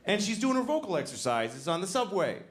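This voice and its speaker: A middle-aged man doing a deadpan stand-up comedy set, now and then breaking into loud shouted bits. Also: high-pitched, a little fast. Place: comedy club stage before a laughing audience. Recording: roomy live club recording, noisy.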